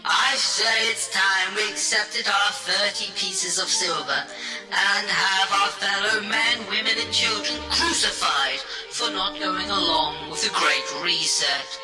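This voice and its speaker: A man's voice: high-pitched, steady tone, takes it slowly. A man playing an androgynous priest who delivers a mocking sermon, half-sung. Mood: preaching. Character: androgynous male metal priest preaching. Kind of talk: mock sermon over music. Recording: echoey, distant, under loud music.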